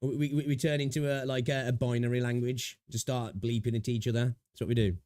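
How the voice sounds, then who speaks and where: Young British streamer, rambling chat with viewers, average pitch, dry close mic. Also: male voice, fairly even intonation, a little fast, a little mellow, dry recording. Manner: rambling, chatty, swears freely, talks to chat. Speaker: gaming livestreamer. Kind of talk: casual livestream chat.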